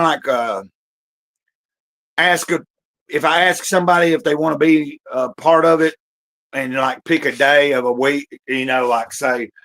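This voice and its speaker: Guy chatting on his home stream, kinda high voice, lots of uhs and likes, keeps restarting. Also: gravelly, a bit bright, low-quality recording. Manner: rambling, halting, many fillers and restarts; talks while eating, occasional coughs. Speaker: livestream host. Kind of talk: casual livestream chat.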